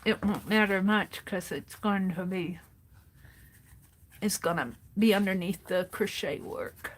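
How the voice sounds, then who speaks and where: A woman's voice: medium pitch, a little slow, a little hiss or hum. A woman streaming her craft work, chatting casually and muttering to herself as she tidies and sews. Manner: chatty, talking to herself while tidying and sewing. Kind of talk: casual craft livestream chat.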